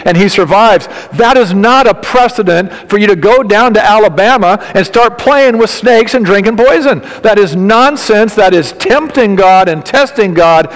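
Emphatic high-voiced male pastor preaching. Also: long reverb tail, rough recording. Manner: emphatic, addresses congregation directly with questions and humor. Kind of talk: sermon.

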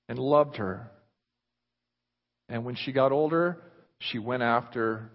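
A man preaching a sermon, moving from loud, fervent delivery to hushed near-whispers. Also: mid-range voice, moderate pace, long pauses. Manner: impassioned, rising loud then dropping to near whispers. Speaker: pastor. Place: church sanctuary. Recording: muffled reverberant hall recording.

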